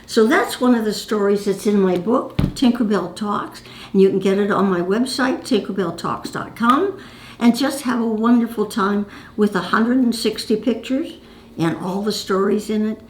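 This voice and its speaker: There's roomy echo and slight background noise as a woman in her nineties chats to camera about her past, calling the viewer "my dear." Her mid-range voice moves at a normal speed in this casual storytelling.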